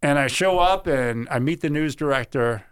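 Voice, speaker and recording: Brief: middle-aged man, earnest interview storyteller, voice a touch high. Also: normal speed, clean tone. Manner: earnest, animated storyteller who acts out quoted voices. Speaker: sportscaster guest.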